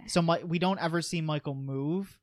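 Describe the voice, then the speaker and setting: A man's voice: a little high, moderate pace, no room sound. A man co-hosting a podcast, chatting casually through a movie recap with eager asides. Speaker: podcast co-host.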